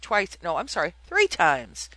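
A woman hosts a casual gaming podcast in a bright, forceful voice that swoops up and down as she rambles and exclaims. The sound is close and dry, with no room echo. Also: on the low side, wildly swooping pitch, a little slow. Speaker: podcast host.

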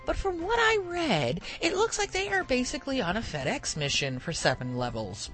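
A woman's voice: sits high, sing-song, normal speed, hardly any pauses, fairly bright tone, faint music behind. A woman hosting a casual podcast, rambling and digressing as she talks and laughing often. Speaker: podcast host.

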